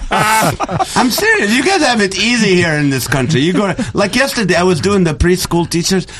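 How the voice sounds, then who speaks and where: Animated middle-aged man telling jokes. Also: high-pitched, brisk, a little hiss or hum. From Middle East. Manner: animated storytelling with jokes and laughter. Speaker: guest comedian. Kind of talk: casual chat.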